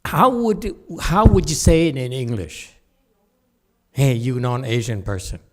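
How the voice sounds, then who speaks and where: A man giving a teasing dharma lecture in a Buddhist hall, laughing often, repeating himself, and moving from soft asides to loud emphasis. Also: mid-range voice, expressive, unhurried.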